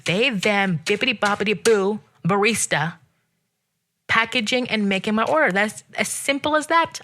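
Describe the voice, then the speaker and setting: On her own podcast, a host launches into a loose, sassy solo rant in a bright, forceful voice. Exasperated and animated, she jumps up in pitch whenever something annoys her.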